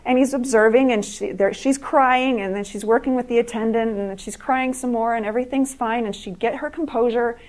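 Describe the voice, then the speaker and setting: A middle-aged woman giving an earnest talk to an audience, telling true stories in a halting way with many restarts. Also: a little high, steady tone, a little mellow.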